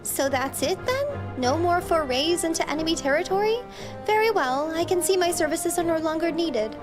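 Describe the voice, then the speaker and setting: A woman's voice: extremely high pitch, animated, normal speed. A woman voicing a boastful young male noble knight, reading game dialogue aloud in a formal, pompous manner. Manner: pompous, formal old-fashioned phrasing. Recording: game music playing underneath.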